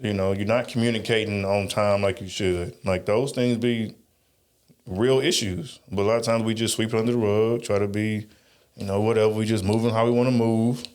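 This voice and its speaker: A man's voice: lowish voice, fairly even intonation, brisk, a little mellow. A man co-hosting a podcast, talking in rambling, emphatic runs with frequent restarts and asides. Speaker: podcast co-host. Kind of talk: casual podcast chat.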